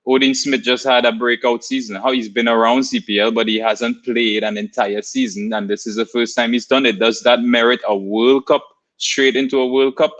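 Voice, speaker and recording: A man co-hosting a cricket podcast who talks in a calm, measured way, with a few ums and uhs. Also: medium pitch. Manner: calm, measured, agreeable, with fillers. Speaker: podcast co-host.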